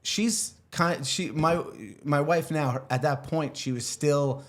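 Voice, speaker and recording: A man telling a long personal story as a podcast guest, animated, swearing freely and acting out what people said. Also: on the high side, slow. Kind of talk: casual storytelling.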